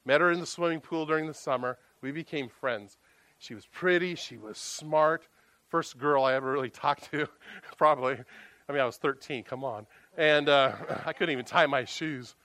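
Dry, animated preacher man. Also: a little high, moderate pace, no echo. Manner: conversational storytelling, animated. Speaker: pastor. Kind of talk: sermon.

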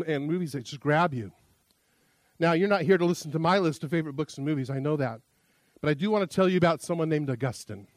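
A man's voice: a little high, no room sound. A man preaching a sermon as pastor, a chatty, self-deprecating storyteller who often restarts his sentences.

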